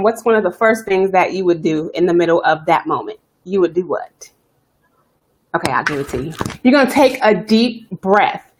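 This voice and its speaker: A woman hosting a self-care live stream, talking fast and chatty, greeting viewers by name as she coaches. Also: mid-range voice. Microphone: webcam or phone live stream.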